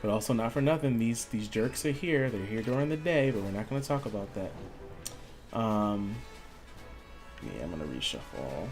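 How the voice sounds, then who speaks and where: A man with a fairly low voice chats casually while playing a video game. He tells stories with animation, acting out the other people's voices. Faint game music runs underneath. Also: normal speed. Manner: animated storyteller, acts out quoted voices. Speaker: gaming streamer. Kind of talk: casual storytelling while gaming.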